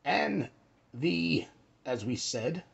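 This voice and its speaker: A young man hosts an astrology talk in a casual, rambling manner, swearing and swinging between shouts and whispers as he acts out quotes. His fairly high voice is creaky and husky, with big pitch swings and drawn-out words.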